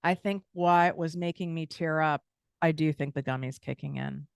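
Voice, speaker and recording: A woman's voice: low-pitched, steady tone, normal speed, vocal fry, clear, resonant tone, dry recording, clean studio sound. A woman with an American accent hosting a podcast, giving a blunt, casual motivational talk full of swearing and tangents. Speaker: podcast host and business coach.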